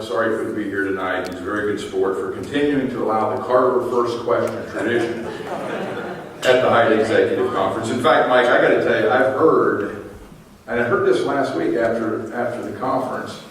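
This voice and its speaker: A middle-aged man giving a teasing roast speech at a banquet, telling anecdotes with dry punchlines. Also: on the low side. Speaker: roast speaker at an awards dinner. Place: large banquet hall. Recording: very echoey hall, distant mic, faint room noise.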